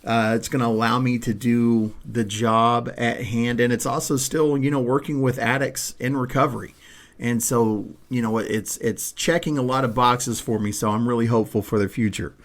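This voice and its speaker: Speaking at normal speed with a medium pitch and fairly even intonation, a man hosts a podcast in a casual, conversational way. He rambles, often using fillers and starting over.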